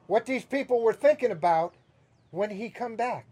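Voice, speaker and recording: A man preaching a sermon as pastor, telling a story in an animated way and acting out the voices of the people in it. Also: sits high, moderate pace, husky. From Southern US. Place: church sanctuary.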